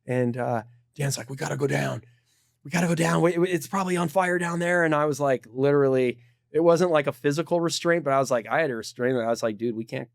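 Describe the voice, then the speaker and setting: A middle-aged man, a podcast guest, telling climbing stories in a laid-back, animated way. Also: a little high, dry recording, clean studio sound. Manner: animated, laid-back storyteller saying dude. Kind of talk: casual storytelling.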